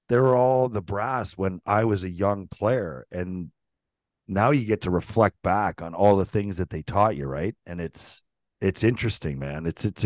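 A middle-aged man, a former pro hockey player, co-hosting a casual chat and telling animated stories, swearing freely and acting out the quotes. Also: lowish voice, no room sound.

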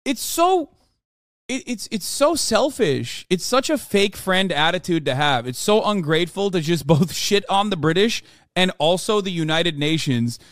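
A man streaming live, reacting to a clip with sarcastic, profane commentary that often erupts into shouted rants. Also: sits high, expressive, a little slow, no room sound, clean studio sound.

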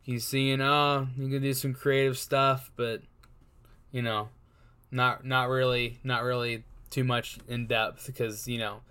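A man's voice: mid-range voice, level tone, measured pace, pushed and bright, clear, resonant tone. A man co-hosting a casual sports chat, rambling and repeating words as he works out his guesses. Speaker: co-host.

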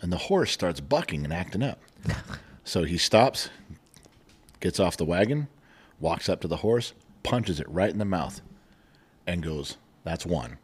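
A middle-aged man co-hosting a casual family podcast, teasing his family and telling long deadpan joke stories. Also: deep voice, unhurried, long pauses, breathy edge. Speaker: podcast co-host, dad.

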